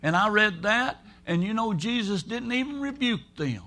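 A man with a high-pitched voice preaches a sermon. He talks in a folksy, emphatic way and slips into the voices of the people he quotes. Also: very animated, normal speed, bright, forceful tone.

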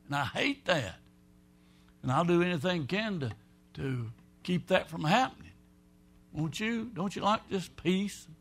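A pastor preaching a folksy, rambling sermon, swinging between loud and soft. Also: male voice, sits high, animated, measured pace, pauses often, slightly rough, faint music behind.

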